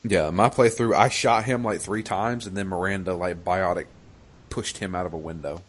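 A man's voice: low-pitched, moderate pace, slight background noise. A man in casual chat, recounting a video game playthrough with lots of swearing and laughter. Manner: animated storyteller, swears a lot, laughs.

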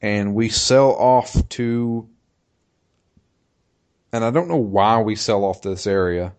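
A man with a very low voice talks slowly and casually. He stops and restarts often, filling gaps with ums and uhs as he recaps a game. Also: a little mellow. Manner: halting, many fillers and restarts. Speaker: podcast co-host recapping a video game. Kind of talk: casual chat.

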